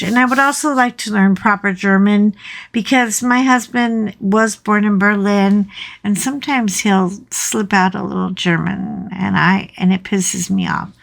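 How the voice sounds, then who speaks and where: A woman vlogger in casual chat, rambling and chatty with animated asides. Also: mid-range voice.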